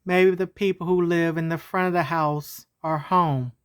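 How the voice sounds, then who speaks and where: A woman's voice: lowish voice, steady tone, a little slow, clean tone, lightly acted. A woman voicing a loyal, brave chicken. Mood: reassuring. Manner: reassuring, urgent.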